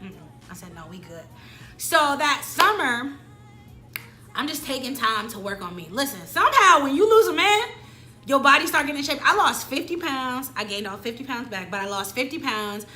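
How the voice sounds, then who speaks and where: A woman's voice: high voice, lively intonation, moderate pace, sharp tone, soft background music. A woman telling a personal story to her viewers in a casual, slangy, dramatic way. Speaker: storytime vlogger.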